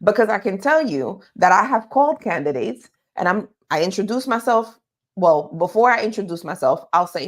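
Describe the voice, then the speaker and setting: A woman's voice: mid-range voice, expressive, moderate pace. A woman giving live career advice, emphatic and talking straight to her listeners, often checking in with "okay?". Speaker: career coach.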